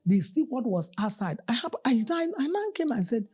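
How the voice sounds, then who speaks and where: Very husky, lively woman preacher. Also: on the high side, moderate pace. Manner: animated storyteller, acting out the people in her stories. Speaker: pastor. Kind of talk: storytelling sermon.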